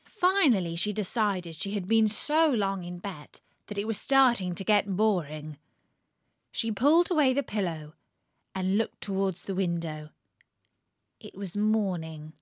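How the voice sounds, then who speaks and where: A woman reading a children's story aloud, expressive and now and then dropping to a whisper. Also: mid-range voice, a little slow, no echo, clean studio sound.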